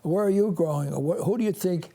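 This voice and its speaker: A high-pitched, mellow-voiced priest in his eighties hosts a call-in show, telling stories haltingly with lots of rambling, restarts and chuckles.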